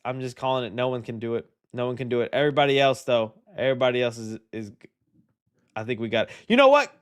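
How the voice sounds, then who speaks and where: A man hosting a live movie news stream, chatting loosely with his viewers, joking, trailing off and restarting his thoughts. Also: mid-range voice. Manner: rambling, joking, reads and answers chat, hesitant restarts. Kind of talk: casual live-stream chat.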